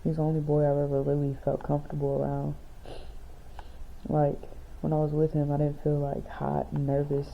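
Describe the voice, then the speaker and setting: A young woman keeping a casual video diary, talking quietly and sleepily, then reading a letter she wrote to herself. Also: sits low, monotone, moderate pace, gravelly. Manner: soft-spoken, quiet and sleepy. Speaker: vlogger. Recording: tinny phone-like sound with faint hiss.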